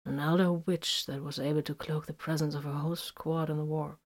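A woman reading a story and voicing a badly wounded male warrior who speaks quietly, weakly and calmly. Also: low voice, fairly quick. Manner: quiet, weak, strained. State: weak from a wound.

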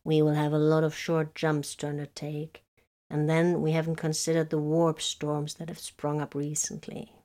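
A woman reader voicing a calm, formal male navigator with mechanical jaws, his voice set apart by a different tone. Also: sits low, normal speed, lightly acted. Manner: formal, deferential.

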